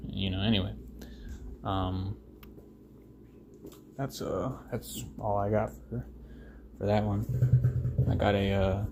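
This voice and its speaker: Man from the US, low voice, rambling, swearing, solo podcast chat, faint hiss behind. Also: flat delivery, slow pace, gravelly, long pauses. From United States. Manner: rambling, profane, full of fillers. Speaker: podcast host.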